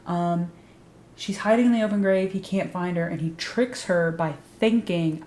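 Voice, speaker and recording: A woman's voice: fairly low pitch, fairly quick, a little mellow, echoey room, slight background noise. A woman giving a casual, sarcastic recap of a TV show, swearing freely and saying "like" a lot. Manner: sarcastic, profane, frequent "like" fillers. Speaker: YouTube recap host.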